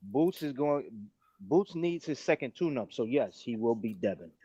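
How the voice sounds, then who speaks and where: A man's voice: mid-range voice, lively intonation, moderate pace, mellow, husky, no echo. A man on a boxing panel making brief, teasing remarks in casual chat. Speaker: panel member. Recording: dull, lo-fi call-in audio, off the mic.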